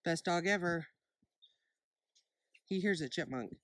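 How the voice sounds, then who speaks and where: A man vlogging on a high mountain hiking trail, admiring and exclaiming over the scenery into a handheld camera. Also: lively intonation, measured pace, long pauses, a little mellow. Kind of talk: handheld outdoor vlog narration. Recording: noisy outdoor recording.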